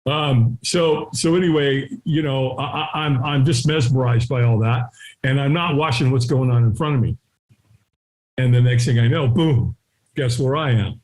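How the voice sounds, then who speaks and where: A middle-aged man telling a story as an interview guest, acting out the voices of people in it and sometimes shouting. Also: mid-range voice, moderate pace. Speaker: guest, firewalking instructor. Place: his home.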